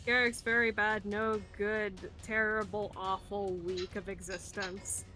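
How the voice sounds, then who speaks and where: A woman's voice: medium pitch, little pitch movement, a little slow, pushed and bright, faint music behind. A woman playing in a tabletop game, teasing and sarcastic. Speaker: player. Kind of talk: casual tabletop game chat.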